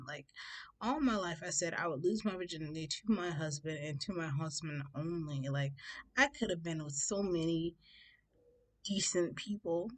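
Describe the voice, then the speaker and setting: Brief: young woman, lowish voice, dramatic storyteller, laughs as she goes. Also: moderate pace. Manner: animated, dramatic, laughs through the telling. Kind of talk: casual storytime vlog.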